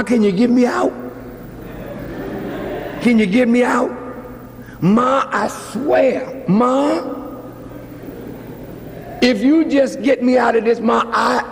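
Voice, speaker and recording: A man's voice: very high-pitched, creaky, a little hiss or hum, full character voice. A man voicing a young man in jail who begs his mother to bail him out. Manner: begging, breaking into shouts. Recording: long hall reverb.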